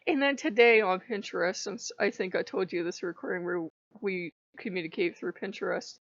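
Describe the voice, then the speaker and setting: A woman's voice: mid-range voice, normal speed, dry recording, lo-fi sound. A woman hosting a casual storytelling vlog, chatty, laughing often and acting out bits of dialogue. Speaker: channel host.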